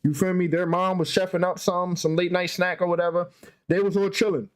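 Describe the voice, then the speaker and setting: A man's voice: high voice, level tone, brisk, clean tone. A young man on a podcast telling a story in a loose, slangy way, repeating filler phrases as he goes. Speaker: podcast co-host. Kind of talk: casual storytelling.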